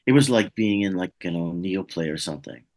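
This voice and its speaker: A middle-aged man, a guest telling animated anecdotes in a casual interview. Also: sits low, brisk. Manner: animated anecdotes, acts out voices.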